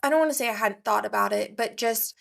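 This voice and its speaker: A woman's voice: on the high side, quick pace, creaky, fairly bright tone. A woman co-hosting a podcast, telling a story in casual chat and laughing often. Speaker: podcast co-host.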